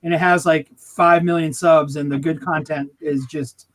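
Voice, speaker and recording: Guy on a stream laughing thru his stories, pretty high voice. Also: fairly even intonation, normal speed, fairly bright tone. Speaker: stream guest. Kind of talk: casual chat.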